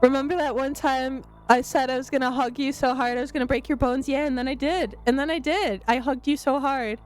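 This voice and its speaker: Giggly high-pitched woman streamer. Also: fairly quick. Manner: giggly, excitable, often breaking into laughter and squeals. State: laughing to tears. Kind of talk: live-stream chat with viewers. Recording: faint music in the background.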